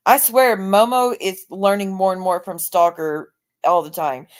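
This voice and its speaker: A woman's voice: mid-range voice, steady tone, unhurried. Woman host, tired, heated and profane, repeats her points. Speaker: livestream host. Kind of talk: angry livestream rant.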